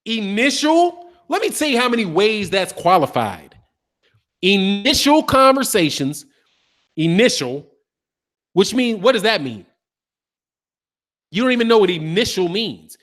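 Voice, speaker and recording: High-voiced man arguing boxing news. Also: very animated, unhurried, long pauses, fairly bright tone. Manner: argumentative, repeats and picks apart words with rhetorical questions; profane, street slang. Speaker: boxing channel host. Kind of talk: casual commentary to a live chat.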